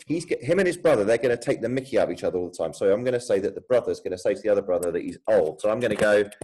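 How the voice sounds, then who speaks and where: Man, primary teacher, low voice, thinking aloud. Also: darkish tone, slightly rough, rough recording. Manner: thinks aloud, explains as he types. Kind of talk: modelled writing lesson for children.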